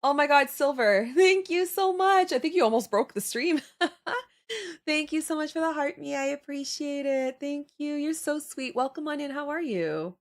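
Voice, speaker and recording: Lively young woman chatting on stream. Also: high-pitched, moderate pace. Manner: chatty, laughs often, reads chat aloud. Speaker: livestream host. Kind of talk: casual livestream chat while drawing.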